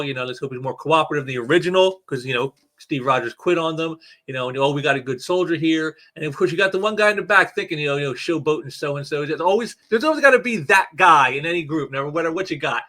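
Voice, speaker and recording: A man's voice: a little high, fast, few pauses, pushed and bright. A man casually reviewing a comic book, rambling with many restarts and fillers, and stressing key words for emphasis. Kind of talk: casual commentary while reading aloud.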